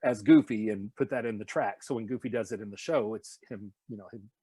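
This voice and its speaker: A man's voice: on the low side, fairly quick, dark tone, breathy edge, dry recording. A man from Nashville in a casual interview, animatedly telling stories about his voice work and sometimes slipping into announcer voices. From Nashville, USA. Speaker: voice actor and singer, guest.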